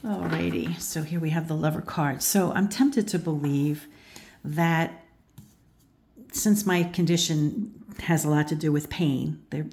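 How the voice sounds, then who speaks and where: A woman's voice: sits low, steady tone, unhurried, darkish tone, a little hiss or hum. A woman, older, giving a casual tarot reading, thoughtful and rambling, with many restarts and "you know" fillers. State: out of breath at times. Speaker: tarot reader and channel host.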